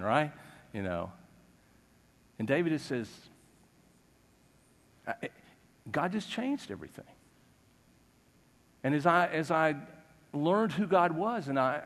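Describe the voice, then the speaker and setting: Animated preacher in a ringing church. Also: male voice, fairly high pitch. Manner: animated, chuckling, restarts often. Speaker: pastor. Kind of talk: storytelling sermon. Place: church sanctuary. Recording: long church reverb.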